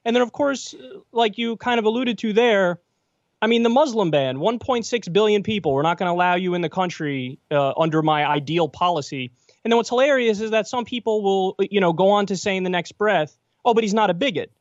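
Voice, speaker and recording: A man's voice: high-pitched, brisk, no room sound, muffled recording. A man giving blunt, sardonic political commentary on election night, joining the show remotely. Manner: blunt, sardonic, quotes politicians in mock voices.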